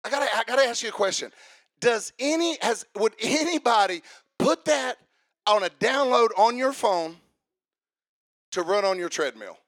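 A man preaching a fiery sermon, swinging from hushed asides to shouted emphasis. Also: extremely high pitch, lively intonation, normal speed.

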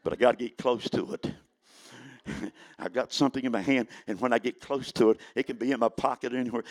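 A man of eighty, preaching a sermon in a folksy storytelling way that builds to fervent shouting. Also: mid-range voice, fast talker, no room sound. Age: 80s.

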